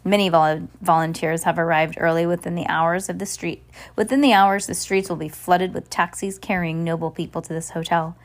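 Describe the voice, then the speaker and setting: A woman's voice: lowish voice, steady tone, a little fast, lightly acted. A woman reading aloud, voicing a firm, confident man from a storybook. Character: firm, determined hotel manager man.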